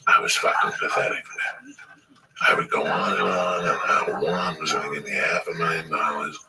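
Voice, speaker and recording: A man's voice: a bass voice, steady tone, normal speed. A man telling a rambling, profane story in casual chat and acting out the dialogue. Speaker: podcast host telling a story. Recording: distant mic with clear background noise.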